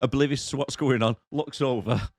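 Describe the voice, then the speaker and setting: A man's voice: medium pitch, normal speed, vocal fry, darkish tone, no room sound. A young man co-hosting a casual movie review podcast, recapping the plot and laughing often. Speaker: podcast co-host.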